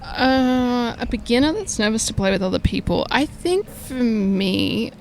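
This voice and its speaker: A woman's voice: a little high, animated, a little slow, a little mellow, a little hiss or hum. An easygoing Australian woman, a golf instructor, chatting encouragingly in an interview outdoors at a golf range. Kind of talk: casual interview chat.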